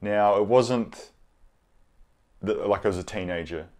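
Man, lowish voice, casual review, hesitant, low-key, restarts a lot. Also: a little slow, a little mellow. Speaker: video reviewer.

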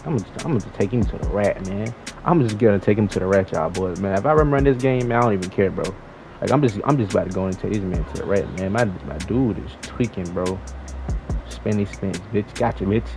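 Low gravelly young man trash-talking. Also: fairly quick, over music, low-quality recording. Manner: slangy, trash-talking, excitable. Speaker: gaming YouTuber. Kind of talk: live gameplay commentary.

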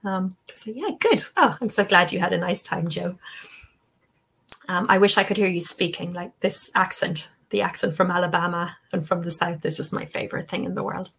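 A woman's voice: on the low side, moderate pace, creaky, a bit bright, husky. A woman hosting a live webinar Q&A and training English teachers. She talks in an encouraging, chatty way and often says "okay" and "you know".

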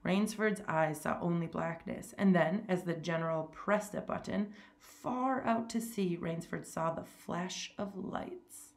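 A woman narrates a story aloud in a low voice with a gravelly edge. Her reading is steady and measured.

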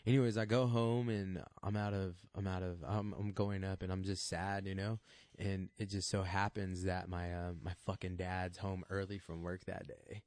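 A man's voice: low voice, level tone, normal speed, darkish tone, no echo. A laid-back man, a fight coach, telling a story from his childhood in loose casual chat. He swears freely and laughs often. The sound is close and dry, with no room around it. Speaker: podcast guest, fight coach.

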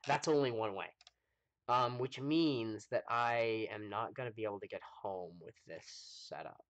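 A man's voice: on the low side, normal speed, fairly bright tone, clean tone. A man casually commenting on his gameplay during a live stream, thinking aloud with many ums and answering chat. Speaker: gaming livestreamer.

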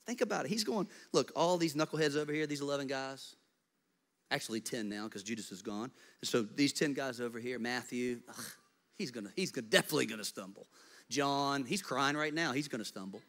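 A man preaching a sermon as pastor, animated in storytelling and dropping to soft, intimate tones. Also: mid-range voice, fairly quick.

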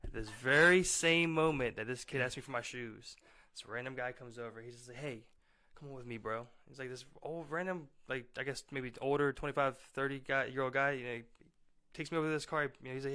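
A young man tells his story quickly, his words tumbling out in a rush. His voice is bright and forceful. He rambles, with lots of fillers and acted-out quotes. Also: mid-range voice. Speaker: podcast guest telling a story. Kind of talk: casual storytelling.

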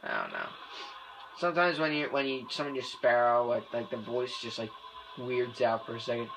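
A young adult gamer giving let's play commentary, excitable, with loud outbursts and heavy swearing. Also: medium pitch, moderate pace, creaky, over music. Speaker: gamer playing through a shooter.

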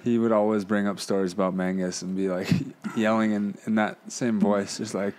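Laid-back podcast host, low voice. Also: male voice. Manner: relaxed, quick agreeing interjections. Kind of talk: casual podcast chat.

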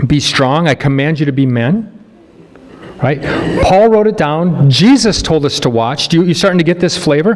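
A man preaching a sermon as pastor, chatty with joking asides and slow, emphatic scripture reading. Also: a little high, in a large hall. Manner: conversational, joking asides to the congregation; reads scripture slowly and emphatically. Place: church sanctuary.

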